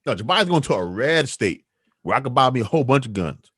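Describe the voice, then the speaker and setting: Animated man ranting on a podcast. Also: medium pitch, fast, breathy edge. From New York City. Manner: emphatic, animated, argumentative. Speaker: podcast host. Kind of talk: opinionated podcast rant.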